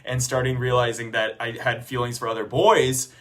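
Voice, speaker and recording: A young man in a chatty vlog, speaking at a middle pitch for a man. He talks in a loose, conversational way, full of fillers and asides. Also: flat delivery, normal speed, a bit bright. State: tearful near the end. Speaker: author promoting his book. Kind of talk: casual personal storytelling to camera.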